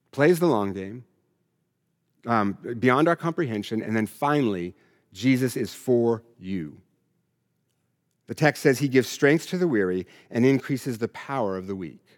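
A pastor giving an earnest sermon, emphatic and built on repeated refrains. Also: male voice, mid-range voice, a little mellow, long reverb tail.

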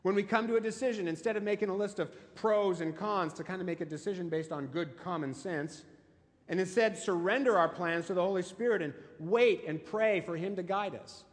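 Brief: male pastor, high voice, emphatic storyteller, long hall reverb. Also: brisk. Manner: emphatic storytelling with rhetorical questions. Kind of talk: sermon.

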